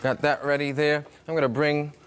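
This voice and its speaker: A man with a Brooklyn accent hosts a cooking show, chatting and joking as he cooks. His voice sits a bit high for a man. Food sizzles in a pan behind him. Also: level tone, moderate pace, slight background noise. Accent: New York (Brooklyn). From Brooklyn, New York. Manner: chatty, jokey storyteller, acts out voices in anecdotes. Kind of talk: casual cooking demonstration.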